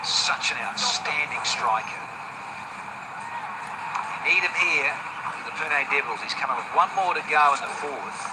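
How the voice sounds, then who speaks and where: A man commentating on a live cricket match in a slightly raised voice. He stays easy between balls and jumps up in pitch and volume on big hits. Loud background noise sits under the broadcast. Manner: lifts sharply into excitement on big shots.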